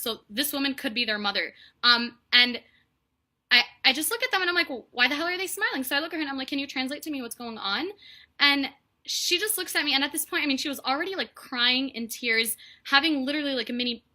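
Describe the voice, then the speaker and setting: This young woman talks at a rapid clip in a high, lively register, her tone bright and sharp. She tells her story with mounting indignation and a steady stream of "like" fillers, like a personal vlog. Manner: indignant, heated, heavy on "like" fillers. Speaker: vlogger.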